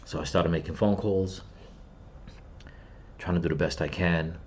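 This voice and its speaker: Deep-voiced man ranting in grief. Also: steady tone, measured pace, darkish tone, slight background noise. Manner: grieving, bitter, profane ranting. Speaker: channel host. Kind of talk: angry personal vlog rant.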